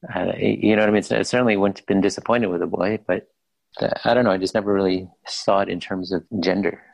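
A middle-aged man, a podcast guest, chatting in a laid-back, somewhat halting way. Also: sits low, fairly even intonation, gravelly, no room sound, rough recording. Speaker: podcast guest, host's husband. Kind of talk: casual chat.

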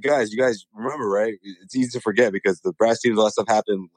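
A man's voice: fairly low pitch, quick pace, no echo. A man, a podcast co-host, joking through casual sports chat. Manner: joking, chatty.

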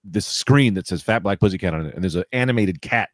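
A man's voice: low-pitched, expressive, fast talker, no echo, clean studio sound. A man hosting a casual comedy podcast, riffing playfully and laughing often. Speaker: podcast host.

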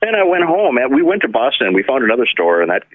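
At medium pitch and a fast pace, this man comes through a tinny phone line with no echo. He's an effects pedal maker guesting on a casual interview, an animated storyteller who acts out the voices of the people in his stories.

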